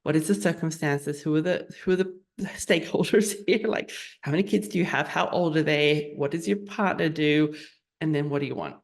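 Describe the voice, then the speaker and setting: A woman's voice: sits low, brisk. A woman hosting a podcast, talking reflectively and laying out questions one by one. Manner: reflective, lists questions thoughtfully. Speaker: podcast host and physician coach. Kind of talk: conversational podcast interview.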